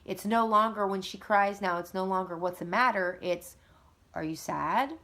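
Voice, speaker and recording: A woman, likely in her thirties, talking earnestly and conversationally about parenting and getting help, with lively emphasis. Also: medium pitch, normal speed. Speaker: mother of two. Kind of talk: casual advice talk.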